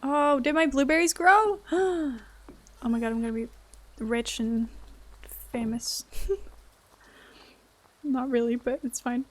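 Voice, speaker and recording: A woman's voice: high voice, slow pace, long pauses. A woman streaming a game, chatting casually with her viewers and laughing often. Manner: giggly, chatty, answering chat. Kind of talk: casual gameplay chat.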